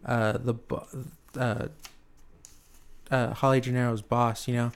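A man's voice: medium pitch, flat delivery, unhurried, gravelly, smooth. A man in casual movie chat as a podcast co-host, hesitant and full of fillers. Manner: hesitant, lots of fillers and agreeing.

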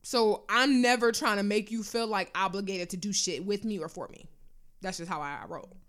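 A young woman telling a personal story in casual chat, animated and freely swearing. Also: mid-range voice, moderate pace.

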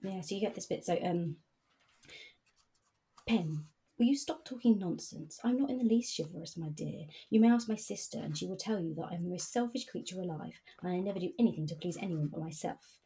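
A woman reading passages from a novel aloud and chatting about them in a measured, hesitant way. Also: on the low side, dark tone, breathy edge, rough recording.

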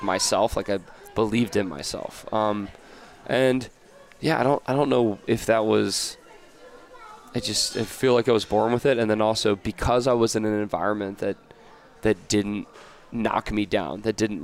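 An American man talking casually as a podcast guest, rambling and animated, with many restarts and fillers. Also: on the low side. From United States. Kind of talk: casual interview chat.

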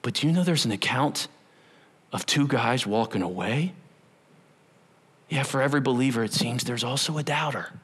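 A man's voice: mid-range voice, normal speed, long pauses, fairly bright tone, husky. A middle-aged male pastor preaching a sermon, telling the story with acted-out voices and sudden drops to a whisper.

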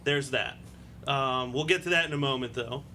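A man hosting a casual wrestling podcast, chatty and quick to laugh. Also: mid-range voice, pushed and bright, slight background noise. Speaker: podcast host.

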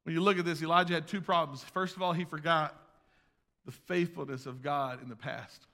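A man preaching a sermon as pastor, swinging between loud emphasis and hushed asides, recorded in a church sanctuary. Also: fairly high pitch, fairly even intonation, a little fast. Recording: long reverb of a large hall.

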